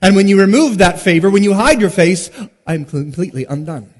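A man preaching an expository sermon, with emphatic stresses, sudden hushed drops and rhetorical questions. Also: high-pitched, animated. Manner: rhetorical questions and dramatic pauses. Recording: long hall reverb.

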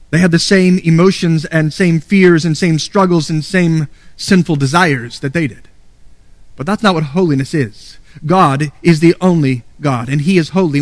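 A man's voice: fairly high pitch, no room sound. A man preaching a sermon as a pastor, earnest and emphatic, reading and quoting scripture.

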